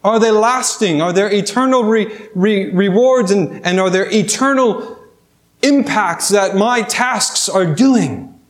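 A man's voice: sits high, takes it slowly. A man preaching a sermon, telling a fable and then pressing his listeners with rhetorical questions. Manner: storytelling, rhetorical questions to the congregation.

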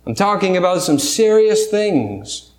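Man, pastor, preaching a sermon, conversational, rhetorical questions, slightly high voice, echoey church room. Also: very animated, unhurried. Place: church sanctuary.

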